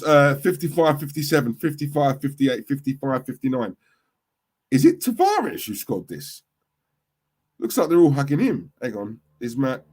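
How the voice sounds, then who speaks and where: A middle-aged man hosts a live football watchalong, reacting loudly to the play and reading out the chat. His voice sits in an ordinary middle pitch for a man. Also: slightly rough. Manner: animated, reacts loudly to goals and reads chat.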